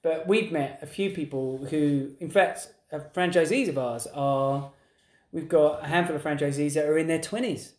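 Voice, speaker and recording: A man's voice: a little high, moderate pace, darkish tone. Male co-host, 30s, rambling casual podcast chat, echoey room. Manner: rambling, restarts sentences.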